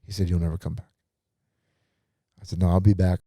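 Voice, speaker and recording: A man's voice: low voice, little pitch movement, a little fast, mellow, no echo, studio quality. A man, a pastor on a podcast, telling his life story earnestly and acting out past conversations. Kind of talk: personal testimony in casual talk.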